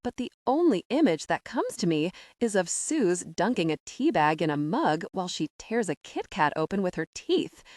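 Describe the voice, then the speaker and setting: A woman narrating a comic audiobook in the first person, expressive and self-mocking in a flustered way. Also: on the low side, moderate pace, few pauses, dry recording, clean studio sound.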